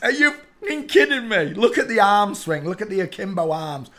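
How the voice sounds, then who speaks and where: A man's voice: high-pitched, normal speed, hardly any pauses, bright, forceful tone. A man giving a casual, mocking rant over pictures as an online commentator, breaking into laughter and chanting phrases over and over.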